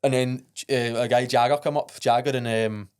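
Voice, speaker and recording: A man's voice: medium pitch, fairly even intonation, moderate pace, clear, resonant tone. A young adult man with a Glaswegian accent, a podcast guest telling a story bluntly and earnestly, swearing freely and restarting his sentences. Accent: Scottish, Glaswegian. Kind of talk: casual storytelling.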